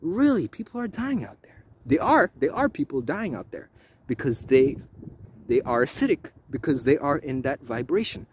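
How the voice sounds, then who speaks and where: A man talking to camera in a preachy spiritual monologue, animated and repetitive, with swearing. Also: mid-range voice, moderate pace, slight background noise. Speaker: vlogger.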